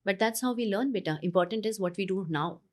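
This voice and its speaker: A woman, a parenting coach speaking earnestly in an interview, pausing and restarting her thoughts. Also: mid-range voice. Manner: earnest, with many pauses and restarts. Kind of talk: conversational interview advice.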